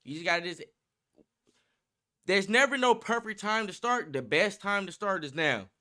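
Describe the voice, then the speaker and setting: A man's voice: high voice, lively intonation, moderate pace, pushed and bright. Hyped-up young male streamer. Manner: hyped, slangy, profane, laughing often. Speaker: livestream host. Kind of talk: casual livestream chat.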